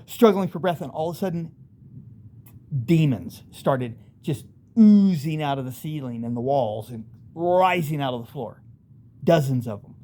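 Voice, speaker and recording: A man's voice: on the high side, animated, normal speed, long pauses, a little mellow. A man casually telling a rambling, vivid first-person story, acting out voices in sudden bursts.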